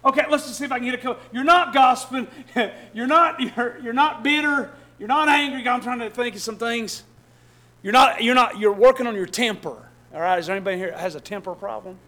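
Pastor, sermon. High, bright voice; bursts into shouts, then soft asides, stumbles and repeats. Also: male voice, brisk. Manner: shifts between loud shouting and soft low asides, repeats and restarts. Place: church hall with congregation.

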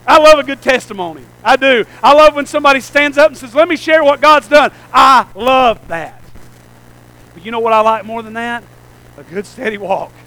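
Pastor, man, preaching with rhetorical call-outs; notably high-pitched voice. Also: fast talker, hardly any pauses, fairly bright tone, low-quality recording. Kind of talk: sermon.

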